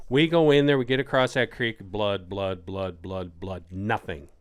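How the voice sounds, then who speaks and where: A middle-aged man telling a hunting story on a podcast in casual chat, acting out quotes with sudden jumps in pitch. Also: a little slow, smooth. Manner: animated, acts out quotes with big pitch jumps.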